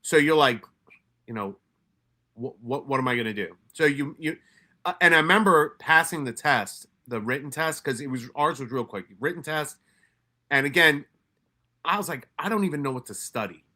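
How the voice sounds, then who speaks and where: Guy from new york, bright forceful voice, swears a lot, keeps restarting, acts out what people said. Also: a little high, normal speed. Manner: profane, animated retelling with many restarts and quoted asides. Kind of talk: casual storytelling.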